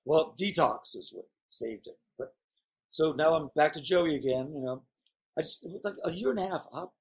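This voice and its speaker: A man's voice: fairly high pitch, moderate pace, breathy edge. A man chatting as a guest, telling rambling, candid stories in a playful way. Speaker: guest performer. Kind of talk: casual chat.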